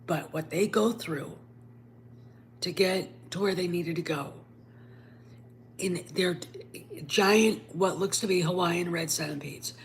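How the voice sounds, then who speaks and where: A woman's voice: fairly low pitch, slow, creaky, long pauses, slight background noise. A woman host giving a casual, rambling film review, emphatic and sometimes dropping to a whisper.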